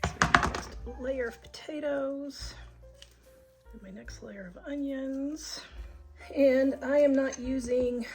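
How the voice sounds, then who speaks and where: A woman's voice: on the high side, slightly rough, poor audio. A woman hosting a casual cooking demonstration in her home kitchen, chatty and homey, talking through each step aloud. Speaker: home cook and channel host. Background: background music.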